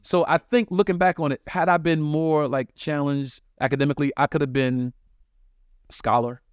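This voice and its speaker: A male comedian from New York City telling his life story in a casual podcast chat, animated and profane, acting out the people he quotes. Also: fairly high pitch, moderate pace, smooth, no room sound. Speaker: touring comedian, podcast co-host.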